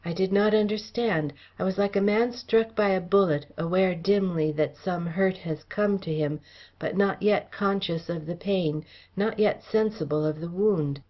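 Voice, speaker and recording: A woman narrates a classic adventure novel in a steady, formal manner. Her voice sits low for a woman, and the recording sounds dull and lo-fi. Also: unhurried. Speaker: audiobook reader.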